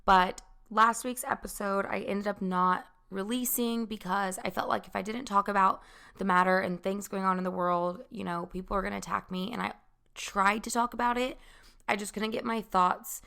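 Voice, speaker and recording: A young woman hosting a casual chat podcast with a raspy, hoarse voice, talking loud and rambling. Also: mid-range voice, steady tone, moderate pace. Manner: chatty, rambling, talks loud. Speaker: podcast host.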